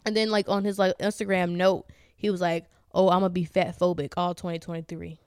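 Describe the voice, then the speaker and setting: A woman's voice: on the low side, little pitch movement, brisk, a little mellow, clean tone, no echo, studio quality. Candid young woman podcast co-host. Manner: candid, laughs often, trails off with fillers. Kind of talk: casual chat.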